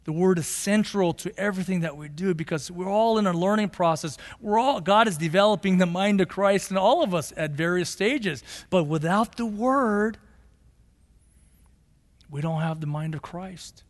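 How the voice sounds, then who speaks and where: A male pastor delivering an impassioned sermon, swinging from forceful, emphatic passages to low, slow, quiet stretches. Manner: impassioned preaching, rising to shouts then dropping low and slow. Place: church sanctuary. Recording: long hall reverb of a sanctuary.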